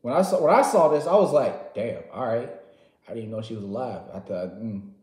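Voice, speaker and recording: An excitable man tells a story in loose, slangy talk, jumping between loud bursts and quiet muttered asides. His voice sits at an ordinary middle pitch. The sound has a roomy echo around it. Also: fast talker. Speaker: gaming vlogger. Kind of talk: casual storytelling recap.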